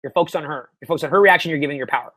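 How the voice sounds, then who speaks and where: A young Canadian man coaching on dating in a profane, excitable way, swinging from mumbled asides to loud bursts. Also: fairly high pitch, very fast, no room sound. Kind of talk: webinar Q&A.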